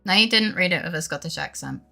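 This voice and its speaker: A woman's voice: lowish voice, lively intonation, quick pace, vocal fry, sharp tone, soft background music. A woman chatting casually with her viewers on a live stream, swearing freely and laughing often.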